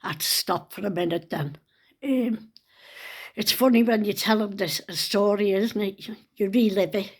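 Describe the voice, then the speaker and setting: A woman's voice: mid-range voice, normal speed. An older woman with a Liverpool accent, telling an emotional personal story to camera in a chatty, heartfelt way with local dialect. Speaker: vlogger.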